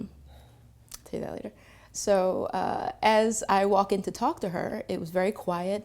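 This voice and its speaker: Gravelly-voiced woman. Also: lowish voice, a little mellow. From Philadelphia, Pennsylvania. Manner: reflective, with frequent filler pauses. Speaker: storyteller. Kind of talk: personal storytelling to camera.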